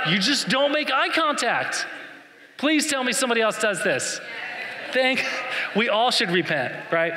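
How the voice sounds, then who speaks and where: Bright-voiced male preacher in a reverberant hall. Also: sits high. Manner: animated, jokey storytelling with acted-out asides. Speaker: pastor. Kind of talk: sermon.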